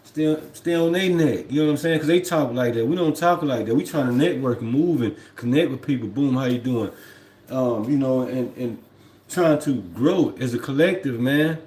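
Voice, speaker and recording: A man's voice: mid-range voice, moderate pace, a little mellow, reverberant. A man who drives trucks talks casually on a home livestream, rambling and reflective, often repeating "you know what I mean.". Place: at home, indoors.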